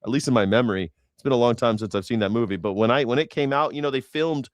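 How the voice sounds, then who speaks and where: A man's voice: mid-range voice, fast, dry recording, studio quality. A man in his forties from Los Angeles hosting a casual livestream, rambling and sarcastic with jokey asides. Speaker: host of a news reaction stream.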